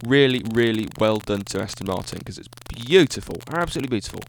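A man's voice: on the low side, expressive, quick pace, a little hiss or hum. A man hosting a solo podcast, talking in an enthusiastic, rambling way and often correcting himself. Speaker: podcast host. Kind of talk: solo casual podcast monologue.

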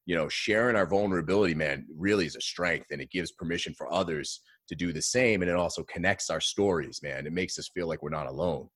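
A man telling a personal story in a casual interview, earnest and animated, often adding "man.". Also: deep voice, brisk, few pauses, slightly rough, dry recording, studio quality. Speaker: guest.

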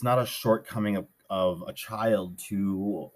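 A man with a fairly low, steady voice takes it slowly while hosting a solo podcast. He has the hiccups, and his casual monologue is earnest and rambling, often correcting himself.

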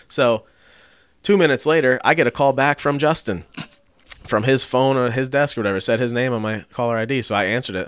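Fast and mid-range, with a clean tone and echo-free studio sound, the body shop worker animatedly recounts his story on the podcast. Profanity flows freely as he imitates the voices of the people he quotes.

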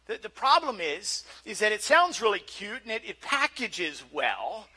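Bright-voiced male pastor preaching. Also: high-pitched, sing-song, unhurried, breathy edge. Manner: conversational, repeats words as he starts phrases. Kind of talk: sermon.

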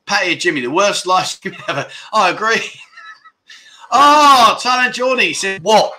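Bright-voiced jokey man hosting a live chat. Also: sits high, lively intonation, measured pace. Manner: jokey, scattered, chatty, laughs at own mistakes. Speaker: livestream host. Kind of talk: casual live chat reading viewer comments.

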